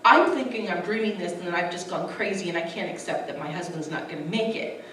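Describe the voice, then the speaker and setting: A woman's voice: fairly low pitch, fast talker, a bit bright, slight background noise. Woman recounting a personal story earnestly, mic set back in a reverberant hall. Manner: earnest, acts out quoted dialogue. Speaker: speaker sharing her testimony. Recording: echoey room, distant mic.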